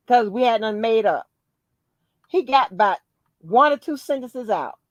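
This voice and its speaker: A podcast host tells a story in a casual chat, her high-pitched voice full of cursing and heavy emphasis. She's an animated, profane storyteller, and the recording is low quality with no echo.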